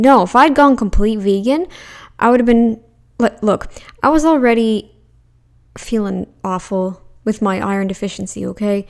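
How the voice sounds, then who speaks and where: A woman's voice: mid-range voice, normal speed. Blunt, argumentative woman commentator. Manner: puts on mocking voices when quoting others. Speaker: commentary channel host. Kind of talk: reaction commentary.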